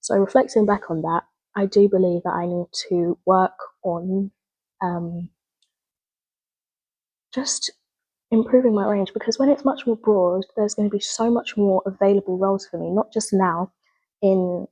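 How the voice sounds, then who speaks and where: A woman's voice: medium pitch, fairly even intonation, a little slow, warm tone, slightly rough, rough recording. A young woman, a drama student, talking through her goals in an earnest, rambling video log and often correcting herself. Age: young adult. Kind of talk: spoken reflective video log.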